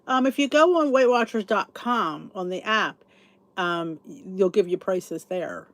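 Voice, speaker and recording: A woman's voice: medium pitch, animated, a little slow, dry recording. Sleepy chatty woman host, dry sound. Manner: chatty, rambling, thinks aloud with restarts. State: sleepy, yawning. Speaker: podcast host. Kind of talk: casual chat reading live comments.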